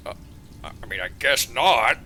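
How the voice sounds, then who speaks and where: A man runs a tabletop game as game master, narrating scenes in a relaxed, joking way. His voice is very bright. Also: mid-range voice, a little hiss or hum.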